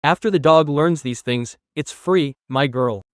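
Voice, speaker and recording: A man's voice: fairly high pitch, unhurried, dry recording, clean studio sound. A man from Turkey who works as a dog trainer, explaining training methods earnestly and speaking directly to his viewers. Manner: earnest, addresses the viewers directly, gives firm commands to a dog. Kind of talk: instructional video talking to viewers.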